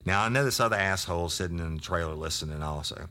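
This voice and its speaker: A man's voice: sits low, fast, pushed and bright. An older man telling a story about his police days, blunt and profane. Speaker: retired sheriff's deputy storyteller. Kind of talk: casual storytelling to an audience.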